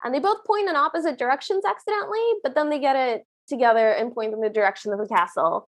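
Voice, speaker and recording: A woman's voice: high voice, fast talker. A woman co-hosting a podcast, retelling a movie scene by scene in casual chat and acting out the characters' lines as she goes. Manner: animated storytelling, acts out the characters' lines. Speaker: podcast co-host.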